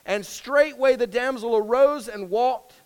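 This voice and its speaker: A man preaching a sermon, praying in a hushed voice and reading scripture aloud with rising intensity. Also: extremely high pitch, smooth. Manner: earnest, rises and swells when reading scripture aloud; hushed and slow in prayer. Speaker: pastor.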